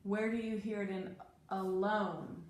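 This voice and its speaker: A woman's voice: mid-range voice, fairly even intonation. Patient woman teacher in an echoey room. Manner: patient, drawn-out emphasis on key words. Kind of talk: one-on-one phonics lesson. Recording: very echoey room, faint noise.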